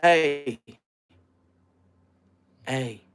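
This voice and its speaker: A man hosting a livestream, telling stories in a brash, profane way, dropping to hushed asides and then bursting out loudly. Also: medium pitch, expressive, moderate pace. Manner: brash, profane, swings between hushed asides and loud outbursts; storytelling with boasts and street slang. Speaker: livestream host. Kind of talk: casual profane livestream rant.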